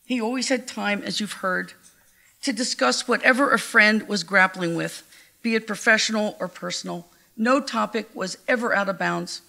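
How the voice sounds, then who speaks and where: Older woman, gravelly bright eulogy voice. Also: mid-range voice. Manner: heartfelt, measured storytelling. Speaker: widow giving a eulogy. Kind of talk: memorial tribute speech. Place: memorial gathering.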